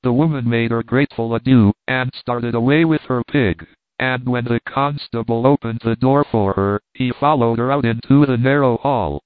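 A man reads a classic storybook aloud at a steady, even pace, in a mid-pitched voice. The sound is narrow and tinny like a phone line, and completely dry with no room at all. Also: normal speed, no echo. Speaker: narrator. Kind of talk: audiobook narration.

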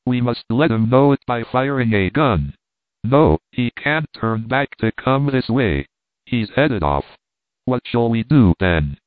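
Man reading as a calm learned doctor. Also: mid-range voice, measured pace, dry recording, lightly acted. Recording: tinny phone-like dry sound.

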